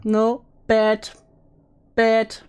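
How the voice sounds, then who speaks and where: A woman hosting a stream, chatting casually and teasing her guest with deadpan jokes. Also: a little high, extremely slow, smooth. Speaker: streamer host.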